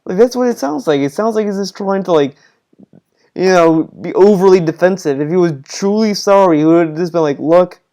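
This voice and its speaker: A man's voice: high voice, a little fast, warm tone. A young man giving casual critical commentary on a video, rambling and skeptical, with frequent restarts. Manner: rambling, repeats himself, restarts often, frustrated skeptical tone. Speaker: commentator reacting to a streamer's video.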